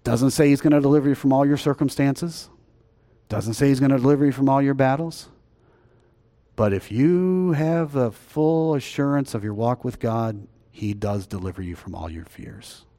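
A man preaching a sermon as pastor, conversational, swinging between loud emphasis and quiet asides. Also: mid-range voice, moderate pace. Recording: long reverb.

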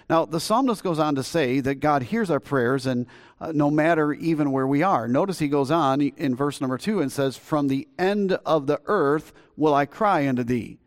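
A middle-aged man giving a folksy sermon as a pastor, with frequent halting restarts and repeated words. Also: a little high.

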